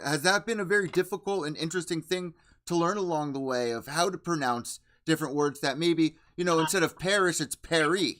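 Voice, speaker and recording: Excitable podcast host man. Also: a little high. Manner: enthusiastic, swears casually. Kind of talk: casual podcast interview.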